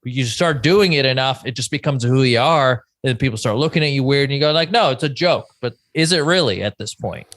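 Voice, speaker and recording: A man's voice: medium pitch, fairly quick, few pauses, a bit bright, no room sound, clean studio sound. A man in his thirties co-hosting a podcast, rambling through stories and cutting himself off mid-thought. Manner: rambling, self-interrupting storyteller. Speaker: podcast co-host. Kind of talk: casual chat.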